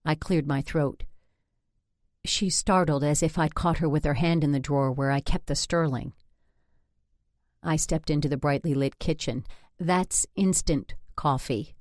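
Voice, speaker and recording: A woman's voice: sits low, fairly even intonation, moderate pace, pauses often, darkish tone, no echo. A woman narrating a first-person audiobook with a wry, dry sense of humor.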